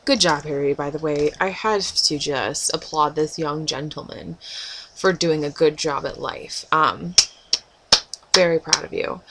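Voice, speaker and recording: A woman's voice: low-pitched, fairly even intonation, unhurried, fairly bright tone, a little hiss or hum, rough recording. A young woman in a casual vlog, giddy and rambling, often laughing and breaking into squeals. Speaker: vlogger.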